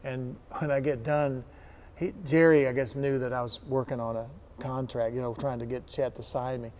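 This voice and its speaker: A man's voice: mid-range voice, moderate pace. A middle-aged man from Kentucky, a guest musician, telling stories in a casual interview and acting out the voices of the people in them. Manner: animated anecdotes, acts out quoted voices.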